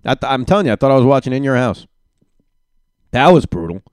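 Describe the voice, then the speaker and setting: A man hosting a podcast, talking with a lively, swooping delivery that jumps up and down in pitch. He is opinionated and emphatic, ranting at times. The sound is close and dry, with no room around it. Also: fast talker, no echo. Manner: animated, emphatic. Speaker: podcast host. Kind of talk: solo podcast reaction.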